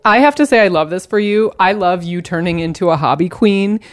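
A woman's voice: fairly low pitch, fairly quick, no echo. Enthusiastic woman laughing often, dry sound. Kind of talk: casual chat.

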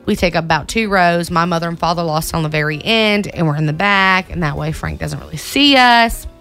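A woman co-hosting a casual chat, telling a story with lively acted-out quotes. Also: lowish voice, fairly quick, creaky, faint music behind. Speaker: co-host.

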